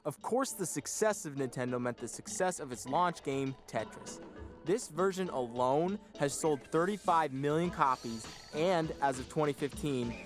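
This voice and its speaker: A man's voice: a little high, normal speed. A man hosting a comedic video-game show, goofy and self-mocking with bursts of hype. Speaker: host. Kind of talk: comedic video-essay narration. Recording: music playing loudly behind.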